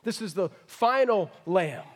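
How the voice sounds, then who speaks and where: A middle-aged pastor preaches a folksy sermon in a large church hall, rising to emphatic moments and then dropping to a hush. His voice sits high and sing-song at a measured pace. Long hall reverb and the congregation can be heard in the background.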